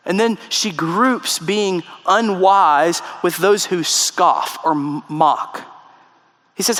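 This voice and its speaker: A man preaches to his congregation in an emphatic, questioning style, pressing his listeners to follow along. His voice sits high for a man, and it rings with the long reverb of a church sanctuary. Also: slow pace, fairly bright tone. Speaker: pastor. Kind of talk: sermon.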